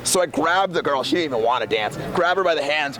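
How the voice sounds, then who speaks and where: A man's voice: fairly high pitch, lively intonation, fast talker, a crowd in the background, rough recording. A young man from the San Francisco area telling a rambling, profane tour story in a laid-back, casual way, with lots of fillers. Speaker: touring metal band member. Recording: loud traffic noise outdoors.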